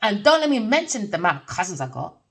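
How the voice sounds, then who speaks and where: Swearing freely and breaking into frequent laughter, a middle-aged tarot reader rambles bluntly through a spiritual reading. She talks fast at a medium pitch with big swings, a slightly bright tone and a breathy edge, sounding far from the mic.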